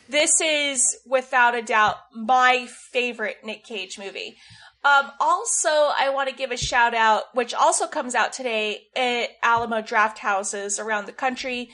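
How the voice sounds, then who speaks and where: A woman co-hosting a podcast in an eager, gushing way, with plenty of "like" in her speech. Her voice sits a little high. She sounds relaxed and chatty. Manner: gushing, with many likes. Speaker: podcast co-host. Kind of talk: casual chat.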